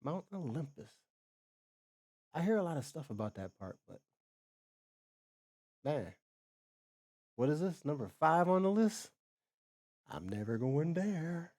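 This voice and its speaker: A man's voice: a little high, sing-song, unhurried, long pauses, a little mellow, no room sound, clean studio sound. Joking American man reacting casually. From United States. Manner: loose, joking, talks back to the video with slang and swearing. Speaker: streamer reacting to a video.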